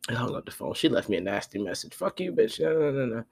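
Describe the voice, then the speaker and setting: A podcast host telling a profane, animated story in a casual monologue, quoting the people in it. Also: male voice, mid-range voice, fast, vocal fry. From Florida.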